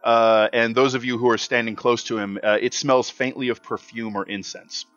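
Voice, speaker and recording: A man runs a tabletop game in a relaxed, hesitant manner. His voice sits at a middle pitch, and the recording is slightly dull. Faint music plays behind. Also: normal speed, no room sound. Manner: relaxed, hesitant narration with fillers. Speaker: game master.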